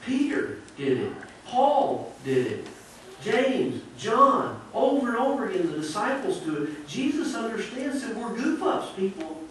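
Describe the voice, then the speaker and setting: A man's voice: high voice, very animated, a little slow, a little hiss or hum. Man preaching in an echoey church. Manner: earnest, conversational preaching with rhetorical questions. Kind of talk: sermon. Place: church sanctuary. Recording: echoey church audio from a distance.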